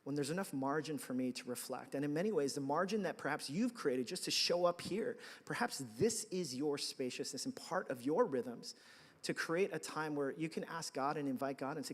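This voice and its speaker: Storytelling pastor in a reverberant hall. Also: male voice, a little high, brisk. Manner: conversational storytelling with self-deprecating asides. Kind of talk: sermon. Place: large church hall.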